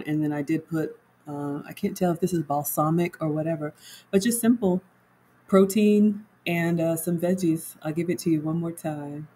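A woman's voice: sits low, dark tone, a little hiss or hum, poor audio. A woman home cook chatting casually on a livestream, walking viewers through her cooking and reading their comments aloud.

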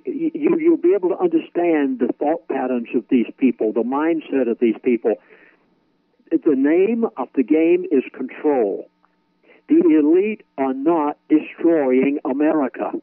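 A man's voice: medium pitch, no echo. A pastor giving a phone-in radio interview, speaking emphatically and repeating his points like a preacher. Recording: tinny phone line.

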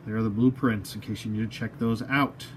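A man's voice: on the low side, fairly even intonation, brisk, slight background noise. A man reviewing an action figure as he unboxes it, rambling and self-mocking, talking to the toy as he works.

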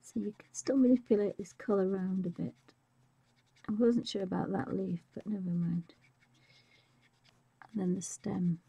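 A woman talks through a live drawing tutorial in a soft, husky voice that often drops to a half-whisper. Her voice is slightly squeaky and rough-edged, and her pitch sits in an ordinary middle range. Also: fairly even intonation, normal speed, long pauses, no echo. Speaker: art tutorial host.

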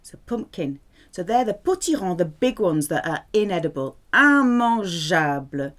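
A woman's voice: on the low side, sing-song, a little slow, a bit bright. A woman teaching French vocabulary, speaking patiently and repeating words with careful pronunciation. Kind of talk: vocabulary lesson.

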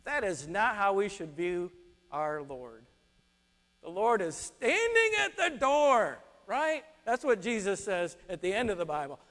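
A man preaching a sermon, telling stories with lively acted-out quotes. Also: high-pitched, unhurried. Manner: animated storytelling, acts out quotes. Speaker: pastor. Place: church sanctuary. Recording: long reverb of a church hall.

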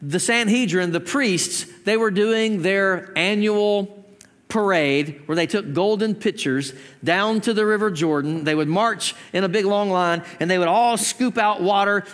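A man preaching a sermon as pastor, telling the story with jokes and sudden shouted lines. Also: high voice. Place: church sanctuary. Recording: long church hall reverb.

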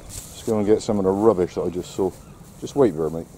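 A man's voice: sits low, brisk, mellow, slight background noise. A man giving casual vlog commentary outdoors while walking his dog, full of wry, sarcastic asides. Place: outdoors on a seaside quay.

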